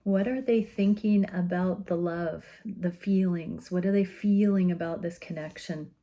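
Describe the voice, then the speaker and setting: A woman giving an intuitive tarot reading, speaking in a gentle, soothing and earnest way with soft laughs. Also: on the low side, fairly even intonation. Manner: slow, gentle and soothing, often laughing softly; earnest and openly emotional. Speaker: tarot reader.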